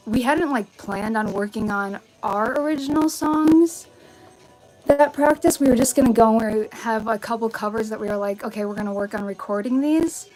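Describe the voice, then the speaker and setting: Young woman, bedroom live stream, upbeat, chatty, phone mic, soft music underneath. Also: fairly high pitch, rough recording. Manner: chatty, upbeat, many likes and ums. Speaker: vintage fashion YouTuber. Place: bedroom with vanity. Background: faint music.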